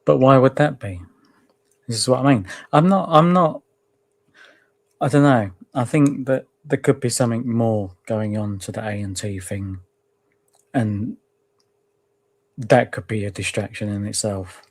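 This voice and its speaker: A man joining a casual true crime discussion, thinking out loud and speculating. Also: mid-range voice, unhurried, pauses often.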